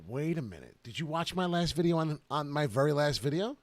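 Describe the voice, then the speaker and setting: A man hosting a casual crypto live stream, excited and rambling with lots of filler "uh"s, talking into a close desk mic at home. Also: a little high, fast, few pauses, dry recording. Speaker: crypto video host.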